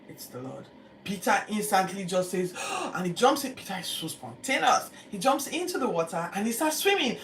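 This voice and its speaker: A Bible teacher, retelling scripture in a lively, chatty way with acted-out quotes. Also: mid-range voice. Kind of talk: casual Bible-reading commentary. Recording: echoey room, distant mic, background noise.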